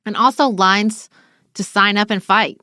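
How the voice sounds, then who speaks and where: A woman's voice: mid-range voice, unhurried, bright, forceful tone, no echo, clean studio sound. A woman co-hosting a political podcast, speaking in a heartfelt, conversational way. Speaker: podcast co-host.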